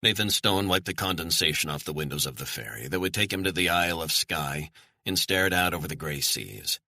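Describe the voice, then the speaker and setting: A man narrating a thriller audiobook in a measured, steady storytelling manner, on a close studio mic. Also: deep voice, no room sound.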